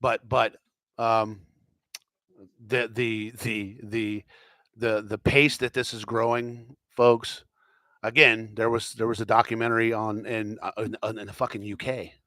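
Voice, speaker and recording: A man's voice: lowish voice, level tone, measured pace, bright, forceful tone, no room sound. A man ranting his opinions on a vlog, swearing often, heated and repeating himself. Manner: profane, heated, repetitive. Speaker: commentator.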